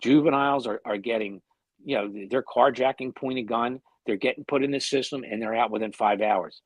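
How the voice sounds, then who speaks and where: Husky, blunt man in heated podcast talk. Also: medium pitch, a little fast, no echo. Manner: blunt, heated, heavy swearing. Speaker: podcast co-host. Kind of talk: casual podcast chat.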